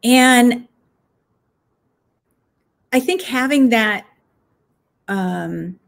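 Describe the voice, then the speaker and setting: A woman's voice: on the high side, lively intonation, drawn-out words, gravelly. Reflective woman guest, thinking aloud. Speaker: author and guest. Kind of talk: interview answers.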